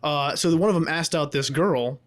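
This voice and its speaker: Slightly high-voiced man, rambling podcast chat. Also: brisk. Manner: rambling, profane, many restarts. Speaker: podcast co-host.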